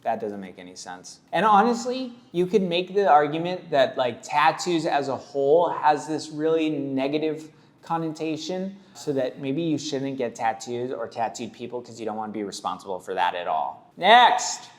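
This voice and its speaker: A man's voice: mid-range voice, animated, normal speed. A man who works as a tattoo artist, giving casual reaction commentary in a blunt, rambling way, full of "like" and "dude".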